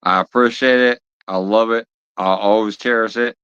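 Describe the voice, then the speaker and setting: A man's voice: on the low side, fairly even intonation, moderate pace, fairly bright tone, clean tone. Blunt, cussing man on a dull lo-fi stream. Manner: blunt, heavily profane, heated scolding. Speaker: livestream host of a fishing channel. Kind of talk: live stream chat, ranting to viewers.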